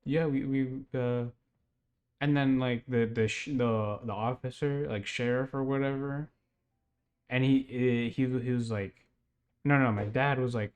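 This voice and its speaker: A man's voice: mid-range voice, steady tone, normal speed, darkish tone. A young man casually retelling a strange dream, rambling with lots of fillers and laughs. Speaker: podcast host.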